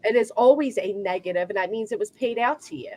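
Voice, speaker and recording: A woman's voice: medium pitch, fast, mellow, dry recording. A woman YouTuber in a casual guest chat, recorded close and dry. She speaks with easy confidence as she walks through what's on her screen.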